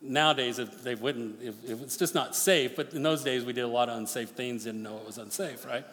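A man preaching a sermon as pastor, swinging from forceful near-shouted appeals to hushed, quick storytelling. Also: mid-range voice. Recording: long reverb of a large hall.

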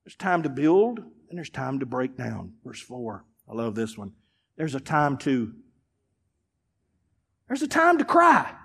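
A man pastor preaching a sermon in a folksy, emphatic way, dropping now and then to quiet asides. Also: mid-range voice, sing-song, slow pace, gravelly, pauses often, slightly rough, big-room sound. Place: church sanctuary.

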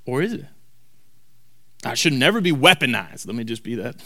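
A man preaching a sermon to a congregation. He talks emphatically and repeats key lines slowly for weight. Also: mid-range voice, sing-song, sharp tone. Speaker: pastor. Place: church hall before a congregation.

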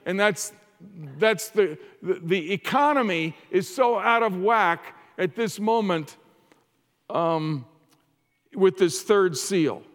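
A male pastor delivers a sermon in a slow, deliberate cadence, with a fairly high voice for a man. He speaks earnestly, stumbling and repeating words as he works toward each point. The sound carries a long reverb from a large hall. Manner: earnest preaching with frequent restarts and repeated words.

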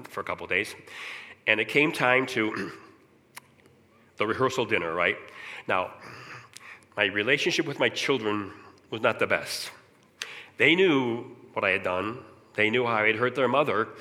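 A middle-aged man giving an earnest personal testimony in church, often clearing his throat as he talks. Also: fairly low pitch, moderate pace, pushed and bright. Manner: earnest, candid storytelling. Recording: long reverb of a large hall.

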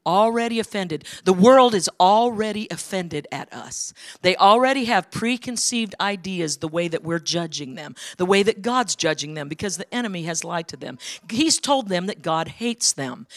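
A woman's voice: on the low side, animated, moderate pace, hardly any pauses, no room sound, studio quality. A woman guest speaker preaching a sermon in a church, telling stories in an emphatic, conversational way. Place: church sanctuary.

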